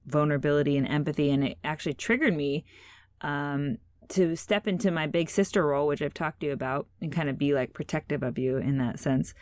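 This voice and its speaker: A woman in her thirties with a low voice hosts a relaxed podcast conversation, telling her story loosely with lots of fillers and restarts. Her tone is a little mellow, and the recording is dry and close with no echo.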